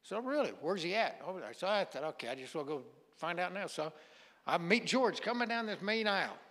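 A man's voice: high-pitched, expressive, brisk, a bit bright. A man preaching as a guest pastor, telling a story in a folksy way and acting out the dialogue. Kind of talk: sermon storytelling. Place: church sanctuary. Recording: long hall reverb.

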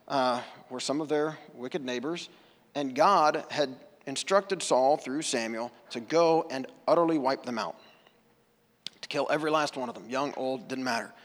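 A man from the United States preaching a sermon at church in a casual, conversational way, with self-deprecating asides. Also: on the high side. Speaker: pastor. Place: church sanctuary. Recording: long hall reverb.

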